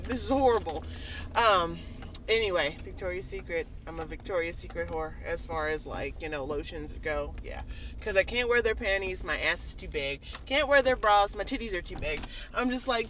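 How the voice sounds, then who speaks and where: A woman's voice: high-pitched, expressive, normal speed, pushed and bright, slight background noise. A young woman vlogging a casual rant from her car, chatty and rambling with frequent ums and laughs, talking to a phone camera. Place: in a parked car. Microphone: phone camera held or set down.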